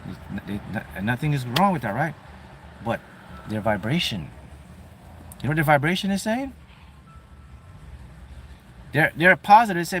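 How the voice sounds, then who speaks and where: A man giving a motivational talk on manifesting, acting out his clients' voices with lively energy. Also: medium pitch, moderate pace, pauses often, slight background noise. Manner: animated, acts out clients' voices. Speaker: manifestation coach.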